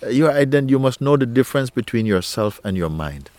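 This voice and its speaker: A male spiritual teacher speaking to a listener in a gentle, playful way, laughing often and using nonstandard English grammar. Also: medium pitch, expressive, a little fast, dry recording. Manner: gentle, playful, laughs often, repeats "you see" and "huh".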